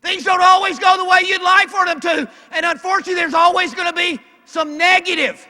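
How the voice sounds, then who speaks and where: High, bright-voiced older Southern man orating. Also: fairly even intonation, brisk. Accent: Arkansas Southern. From Arkansas. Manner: emphatic, calling out lines loudly, folksy. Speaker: keynote speaker. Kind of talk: motivational banquet speech. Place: large banquet hall. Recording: echoey banquet hall with long reverb.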